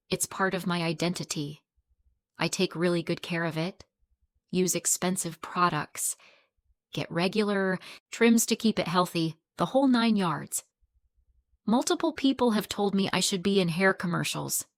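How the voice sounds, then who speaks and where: A woman's voice: mid-range voice, dry recording, studio quality. A young woman in her twenties reading a first-person story aloud, earnest and confiding. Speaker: story narrator.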